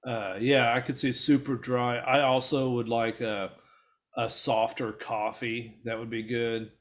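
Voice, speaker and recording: A man co-hosting a casual talk show, cracking quick jokes and laughing often. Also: mid-range voice, level tone. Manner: quick wisecracks, laughs a lot. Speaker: podcast co-host. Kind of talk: casual chat.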